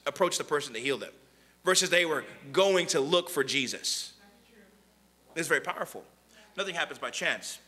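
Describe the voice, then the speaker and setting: Lively high-voiced bright male preacher. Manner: animated, conversational, acts out quoted voices. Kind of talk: sermon.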